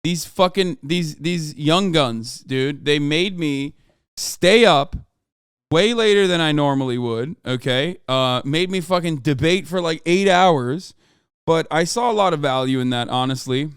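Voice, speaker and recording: A man's voice: on the high side, measured pace, clean tone, dry recording, clean studio sound. A young man, a streamer, chatting casually on a live stream in a rambling, self-correcting way.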